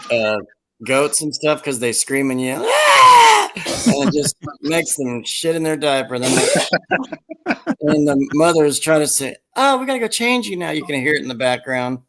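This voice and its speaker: A man's voice: mid-range voice, fairly even intonation, normal speed, low-quality recording. A man telling rambling funny stories in a casual chat, laughing at his own jokes.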